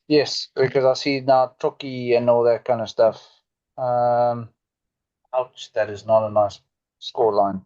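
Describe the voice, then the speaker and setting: A man co-hosting a casual rugby podcast, halting and full of fillers as he works through results. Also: mid-range voice, flat delivery, a little mellow, highs cut off. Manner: hesitant, many fillers, halting. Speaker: podcast co-host.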